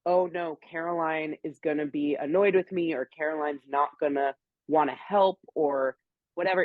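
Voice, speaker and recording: A woman's voice: low-pitched, dry recording. A young woman co-hosting a podcast, rambling openly and self-reflectively in casual chat. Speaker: podcast co-host. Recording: thin phone-like line.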